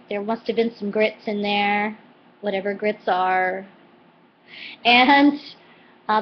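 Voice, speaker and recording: A woman vlogger chatting casually and animatedly as she recaps a TV cooking show episode. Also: medium pitch. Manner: chatty and animated, quoting with put-on voices. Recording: slightly dull lo-fi home recording with faint noise.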